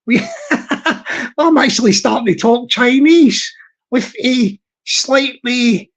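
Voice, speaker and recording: A live stream host with a Scottish accent chats casually and playfully with viewers, rambling through effusive shout-outs and chuckling often. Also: medium pitch, slow. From Scotland.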